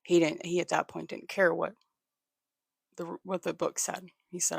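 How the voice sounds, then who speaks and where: In a casual livestream, the host works through a history story, pausing to thank viewers, his mid-range voice thick with gravel and fry. His tone stays level while he keeps restarting sentences and repeating words. Close, dry audio with no room echo.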